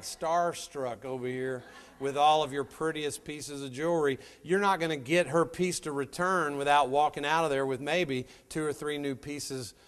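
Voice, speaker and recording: A man's voice: on the high side, fairly bright tone. A middle-aged man giving a folksy motivational talk to a live audience, telling stories and addressing listeners directly. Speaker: motivational speaker.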